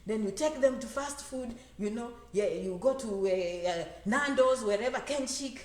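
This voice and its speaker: In an echoing room, a high-voiced woman who advises on immigration speaks to an audience at a moderate pace, delivering an animated, motivational talk. She performs the voices of people she quotes and drives her points home by repeating phrases.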